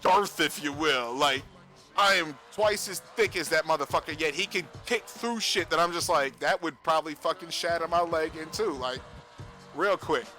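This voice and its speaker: A man talks casually to his stream audience, his voice bright and forceful and a touch higher than most men's. He tells a profane, animated story and laughs often. Faint music plays behind him. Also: moderate pace. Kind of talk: casual livestream chat. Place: home streaming setup.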